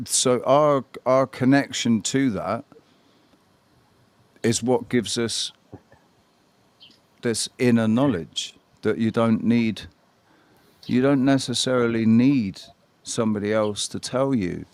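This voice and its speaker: A man's voice: medium pitch, a little mellow, no echo. Host, male, reflective and rambling, dry close mic. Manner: reflective, meandering, drawn-out phrasing. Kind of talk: casual chat.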